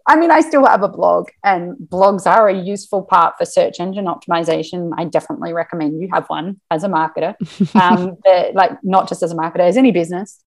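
A woman talking as a podcast guest in a casual interview, chatty and animated with plenty of fillers. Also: on the low side, fast, hardly any pauses. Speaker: podcast guest, marketing business owner.

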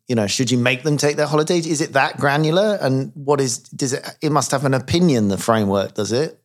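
A man's voice: mid-range voice, a little fast, hardly any pauses. A man hosting a casual chat. He swears freely and pushes back hard, asking pointed questions in a plain, everyday voice. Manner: blunt, sweary, challenging.

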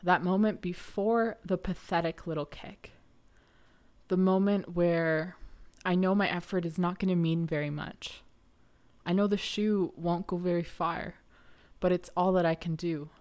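A young woman hosting a podcast, telling a personal story in an earnest, reflective way with soft laughs. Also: lowish voice. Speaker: podcast host.

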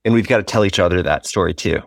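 A man in his forties, an author appearing as a guest on a podcast interview, speaks earnestly and thoughtfully, musing aloud. His low-pitched, gravelly voice moves fast, and the studio-quality recording has no room sound.

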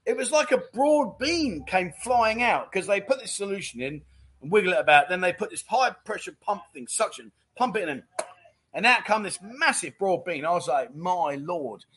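A chatty, jokey middle-aged man keeps calling people "mate" as he reads out viewer comments on his livestream. His voice sits fairly high for a man. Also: lively intonation, normal speed, fairly bright tone, breathy edge. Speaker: livestream chat show host. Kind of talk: casual chat reading viewer comments.

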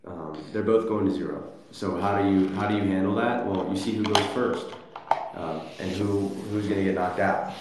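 A man's voice: deep voice, steady tone, moderate pace, very echoey, heavy background noise. A man hosting a casual online audio chat, blunt and provocative, swearing freely, talking into his phone. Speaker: Web3 spaces host.

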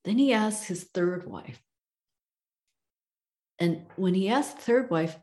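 A woman's voice: medium pitch, expressive, slow, long pauses, dark tone. A woman presenting in a webinar, telling a parable in a conversational way, often checking in with her listeners. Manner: conversational, checks in with "okay?" and "you know". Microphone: video call.

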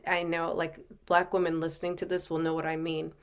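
A woman's voice: deep voice, completely flat delivery, brisk, clear, resonant tone. A middle-aged woman speaking as a podcast guest, conversational, often adding "you know" and "right". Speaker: podcast guest, coach and author. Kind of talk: casual interview chat.

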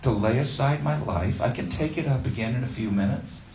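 A man's voice: mid-range voice, fairly quick, darkish tone, a little hiss or hum. A man preaching a conversational sermon, telling a homey story with many ums and restarts. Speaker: pastor. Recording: roomy distant dull sound.

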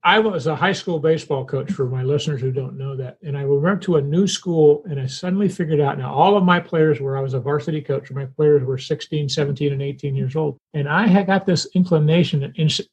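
A man hosting a casual interview, telling stories in a relaxed way. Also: on the high side, brisk, hardly any pauses, breathy edge. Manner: relaxed anecdotal storytelling. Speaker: podcast host. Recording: slightly dull lo-fi sound.

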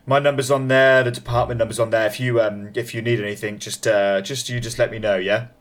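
A man voicing a friendly but uneasy male police detective who talks haltingly with many fillers. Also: mid-range voice, fairly even intonation, natural voice. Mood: helpful. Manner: hesitant, halting, full of fillers.

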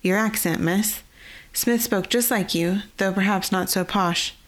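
Timid storybook guard, soft and scratchy, apologetic, voiced by a woman. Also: mid-range voice, unhurried, natural voice. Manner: hesitant, apologetic. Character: gentle elderly-sounding male camp guard, nervous.

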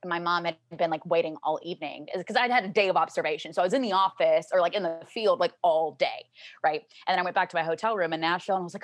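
A young woman from Louisiana, a guest in a casual interview, telling stories and acting out her family's lines in high, excited voices. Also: fast talker, no echo, studio quality.

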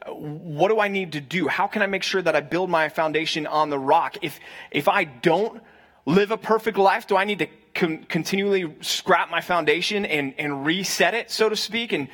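High-voiced man preaching a conversational sermon. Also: fairly bright tone, slightly rough. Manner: conversational, invites the crowd to answer, repeats for stress. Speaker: pastor.

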